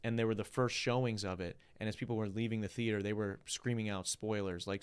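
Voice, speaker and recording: Smooth-voiced man hosting a podcast. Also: fairly low pitch, fairly even intonation, fast. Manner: loose, joking banter with frequent "bro" and swearing. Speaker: podcast host. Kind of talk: casual podcast chat.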